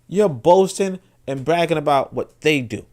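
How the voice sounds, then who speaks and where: This podcast host talks politics in an animated, casual, foul-mouthed way, speaking at normal speed in a fairly high voice. His sentences frequently restart with repeated words.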